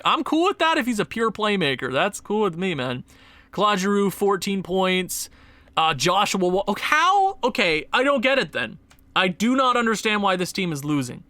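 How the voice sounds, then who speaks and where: A man's voice: high voice, sharp tone, no echo. A young man commentating his hockey video game, muttering to himself and breaking into exasperated outbursts. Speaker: gaming channel host. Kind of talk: gameplay commentary.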